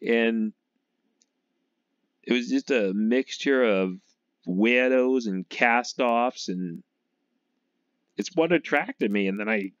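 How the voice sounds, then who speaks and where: A man's voice: mid-range voice, takes it slowly, pauses often, clean tone, no echo. A man from Massachusetts rambling through a casual monologue about football, laughing often and trailing off as he talks. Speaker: sports fan vlogger. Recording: dull lo-fi recording.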